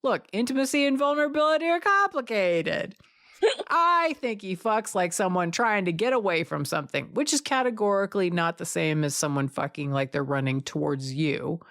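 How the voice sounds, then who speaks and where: A woman's voice: medium pitch, expressive, normal speed, fairly bright tone, dry recording, clean studio sound. A woman hosting a podcast in casual chat, frank and bawdy, laughing often. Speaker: podcast host.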